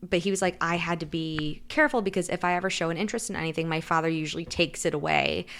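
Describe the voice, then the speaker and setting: A woman's voice: deep voice, steady tone, quick pace, creaky, a bit bright, clear, resonant tone. A woman co-hosting a podcast, casually retelling a story and saying "like" a lot while briefly acting out the characters' lines. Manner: chatty, heavy use of "like"; acts out quotes in shifting voices. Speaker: podcast co-host. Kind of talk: casual book recap chat.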